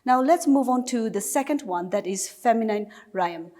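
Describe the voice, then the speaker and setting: A woman's voice: a little high, animated, normal speed, dark tone. A woman teacher from Nagaland with a Naga English accent, giving a recorded class lesson patiently and step by step with repeated examples. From Nagaland, India.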